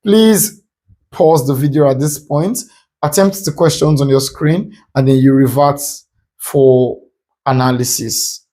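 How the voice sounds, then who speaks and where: A man from Nigeria teaching an exam-prep English grammar lesson. He repeats each rule several times and slows down to stress the quoted options. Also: medium pitch, warm tone.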